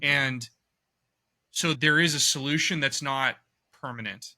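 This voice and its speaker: A man's voice: medium pitch, measured pace, bright, forceful tone. A man from the United States, a guest on a podcast, speaking in an earnest, reflective way. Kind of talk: podcast interview.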